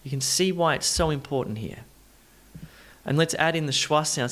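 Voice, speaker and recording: A man teaching an English pronunciation lesson, explaining directly to learners and repeating words slowly to model syllable stress. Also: a little high, fairly bright tone.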